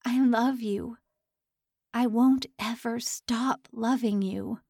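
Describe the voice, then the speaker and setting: A woman's voice: fairly high pitch, steady tone, slow pace, slightly rough, no echo, clean studio sound, exaggerated voice. Woman reading a tender, steadfast young woman. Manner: soft but firm.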